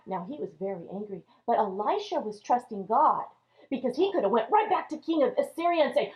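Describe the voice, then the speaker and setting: A woman teaching Sunday school, telling a Bible story to children in an animated way. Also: mid-range voice, a little fast. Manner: animated, acts out characters' lines. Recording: dull lo-fi recording.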